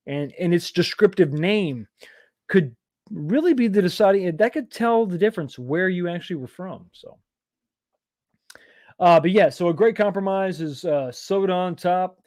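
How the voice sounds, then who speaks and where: Middle-aged man hosting a live stream; rambling, self-deprecating, slightly raised pitch, dry close sound. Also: unhurried, darkish tone, no echo. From East Texas, USA. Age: 40s or 50s. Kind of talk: casual live chat reading comments.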